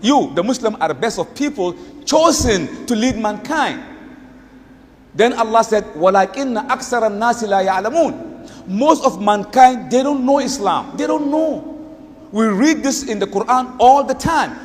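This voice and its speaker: A male Islamic preacher giving an animated, emphatic sermon, with rhetorical questions and rapid Quran recitation. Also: very high-pitched. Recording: long hall reverb.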